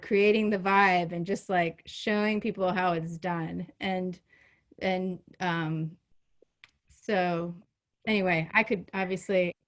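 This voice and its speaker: A woman in her fifties giving a heartfelt, halting birthday toast over a video call, choked up, with many ums and restarts. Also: medium pitch, a bit bright.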